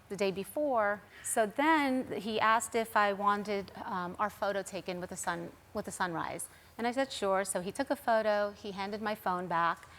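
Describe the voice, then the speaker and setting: A middle-aged woman, appearing as a talk show guest, earnestly recounts a personal story, acting out other people's words as quoted dialogue. Her voice is plain, conversational, mid-pitched, and a little bright.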